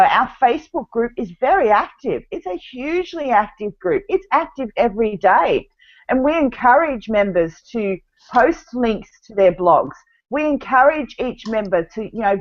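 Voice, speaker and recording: A woman's voice: medium pitch, dull audio. A woman with an Australian accent, chatting animatedly as a podcast guest. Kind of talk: casual chat.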